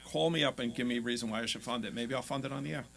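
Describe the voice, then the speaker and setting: A man's voice: medium pitch, very fast, gravelly, fairly bright tone. A man on a talk radio show as a guest investor, speaking brashly and confidently.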